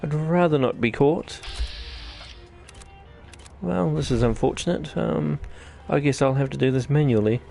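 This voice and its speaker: Gravelly New Zealand man narrating gameplay. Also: fairly high pitch, a little slow, long pauses, mellow, soft background music. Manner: rambling, jokey, self-deprecating chatter. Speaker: gaming channel host. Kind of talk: let's-play commentary.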